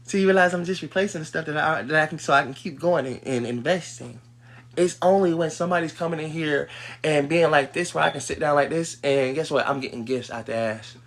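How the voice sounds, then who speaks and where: A man on a livestream, ranting in a heated, profane way, dropping to low mutters and then breaking into loud outbursts. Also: brisk. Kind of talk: livestream rant.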